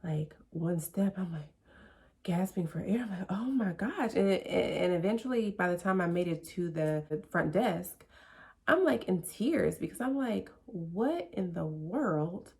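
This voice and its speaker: Woman vlogger with a low, gravelly voice who tells her own story in a loose, chatty way. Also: animated, measured pace, darkish tone. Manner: chatty, full of "like" and "you know". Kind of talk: casual personal storytelling.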